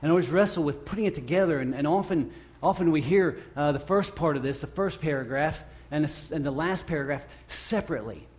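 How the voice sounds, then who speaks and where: A middle-aged man preaching a sermon, earnest and halting, with many repeated restarts, who grows louder when he acts out the scripture. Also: on the high side. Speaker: pastor.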